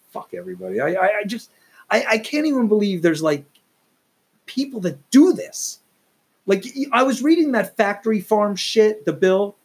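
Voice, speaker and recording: A man's voice: sits high, husky. A man hosting a solo podcast, ranting in a profane, exasperated, rambling way. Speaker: podcast host.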